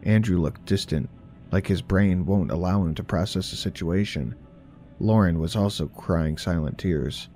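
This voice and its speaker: A man narrating a horror story in a measured, steady storytelling manner. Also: low voice, faint music behind.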